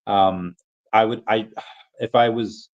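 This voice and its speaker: A man with a somewhat low voice hosts a casual livestream and talks through viewers' questions. He rambles, corrects himself mid-sentence and drops into playful put-on voices when he reads out chat. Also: steady tone, takes it slowly, lo-fi sound. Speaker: livestream host answering chat.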